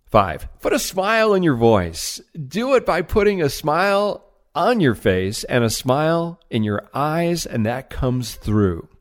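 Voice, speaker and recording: Lively, animated male sales trainer. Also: unhurried. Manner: energetic, emphatic, varies pitch widely. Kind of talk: motivational sales training talk.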